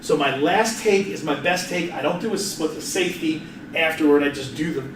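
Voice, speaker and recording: A man's voice: on the high side, a little fast, slight background noise. A man giving a live workshop presentation in an office meeting room, chatty and jokey, often restarting his sentences and laughing. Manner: casual, chatty, self-interrupting with frequent restarts. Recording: roomy, distant mic, faint ambience.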